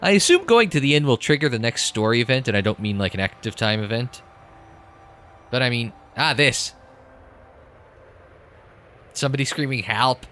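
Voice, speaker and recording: A man's voice: mid-range voice, a little fast, a bit bright, slight background noise. A man commentating his game playthrough with sarcastic, sweary asides and reading the dialogue aloud. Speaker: let's play commentator.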